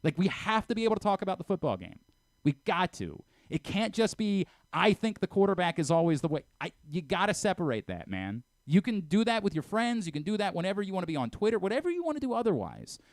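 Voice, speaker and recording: A man's voice: sits high, wildly swooping pitch, fast, no echo. A man hosting a sports radio show, arguing heatedly and lecturing his co-host, with stammering restarts. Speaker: radio host and programming director.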